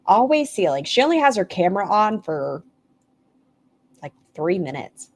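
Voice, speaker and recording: A woman's voice: mid-range voice, big pitch swings, normal speed. A woman hosting a casual commentary stream, making snarky, sarcastic remarks.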